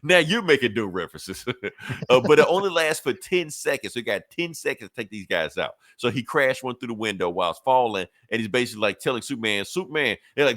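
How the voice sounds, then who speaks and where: A man in a casual podcast chat, retelling a comic story and jumping into the characters' voices as he goes. His pitch swings widely, and the sound is dry and close with no room echo. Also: fast talker. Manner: animated storyteller acting out quoted lines, profane. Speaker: podcast co-host.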